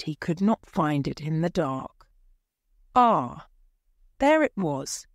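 Slow, lively woman reading a story. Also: lowish voice, no echo, clean studio sound. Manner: clear, deliberate.

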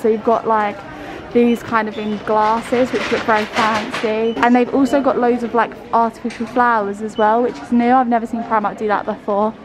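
A woman's voice: fairly high pitch, rough recording. Chatty English woman vlogging in a shop. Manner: chatty, lots of "like" fillers. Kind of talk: casual shopping vlog commentary. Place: busy shop.

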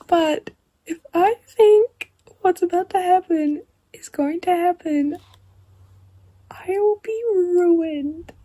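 A woman chatting casually in a reading vlog, rambling and excitable, swearing freely and sometimes dropping to a hushed near-whisper. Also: very high voice, slow, no echo. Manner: drops to a hushed near-whisper late at night. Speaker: book vlogger.

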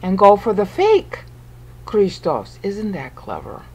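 A woman's voice: mid-range voice, wildly swooping pitch, takes it slowly, dark tone, husky, lo-fi sound. A woman teaching a screen-recorded Bible study lesson, talking patiently through the text, counting syllables aloud and breaking off now and then to restart. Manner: self-interrupting, with small restarts and asides. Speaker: Bible commentator.

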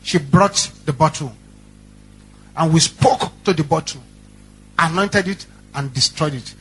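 A male pastor preaches with dramatic repetition and heavy emphasis. His voice sits high and sounds bright and forceful. A faint noise runs beneath his speech. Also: measured pace. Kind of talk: sermon storytelling.

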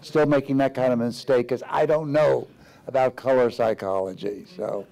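A man's voice: medium pitch, steady tone, normal speed, gravelly, mellow. An older man on a panel telling stories from his career, hesitant with many fillers and breaking into laughs. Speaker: playwright on a panel. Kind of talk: onstage anecdotal storytelling. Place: theater stage before an audience.

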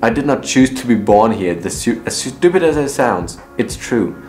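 A man's voice: medium pitch, lively intonation, normal speed, a little mellow. A young man, talking earnestly and reflectively in a casual personal vlog, often restarting his sentences. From Germany, raised partly in the US. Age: young adult. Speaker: vlogger. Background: faint laid-back guitar music.

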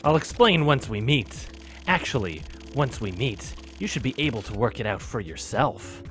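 A man's voice: medium pitch, expressive, moderate pace, faint music behind, close to an everyday voice. A man putting on a courteous, sinister translator. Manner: smooth, courteous, quietly menacing. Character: polite sinister male translator. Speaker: reading a game character aloud.

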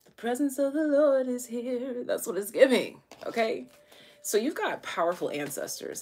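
A woman's voice: fairly high pitch, animated, normal speed, darkish tone. A woman giving a casual, chatty tarot reading to her viewers, full of slang and fillers. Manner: chatty, slangy, thinks aloud with many fillers. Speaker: tarot reader.

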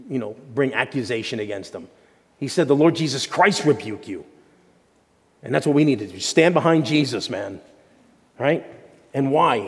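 A man preaching a sermon as pastor, animated and jokey, with sudden shouts and hushed asides. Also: mid-range voice, normal speed, long reverb tail. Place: church sanctuary.

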